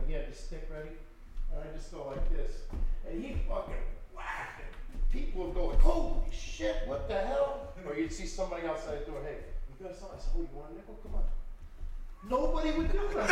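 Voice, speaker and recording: A man with a slightly high-pitched voice recounts hard stories from his past as an author guest. He talks in an animated, profane way and acts out other people's lines. The recording is very echoey, with a faint noise underneath. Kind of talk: storytelling in conversation.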